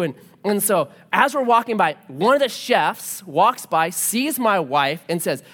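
A male pastor in his thirties delivers a sermon with an animated, swooping delivery. He drops into quick back-and-forth dialogue as he tells a story, with his pitch rising and falling all the way through.

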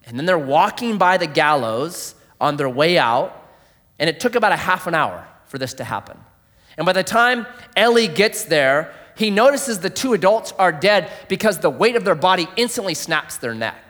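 Pastor guy preaching in a big echoey hall, lively voice, goes loud then quiet. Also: fairly high pitch, moderate pace. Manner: dramatic storytelling, swings from loud to hushed. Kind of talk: sermon. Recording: long hall reverb.

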